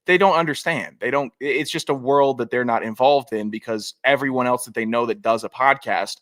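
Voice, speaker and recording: A man's voice: medium pitch, fairly quick, fairly bright tone. A man co-hosting a podcast, teasing and ribbing his partner in casual chat. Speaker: podcast co-host.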